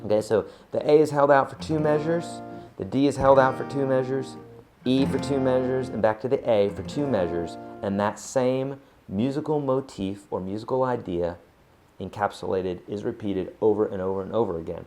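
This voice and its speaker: A man giving a casual acoustic guitar lesson, chatty and relaxed, counting beats aloud. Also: mid-range voice, moderate pace. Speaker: guitar teacher. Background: acoustic guitar playing.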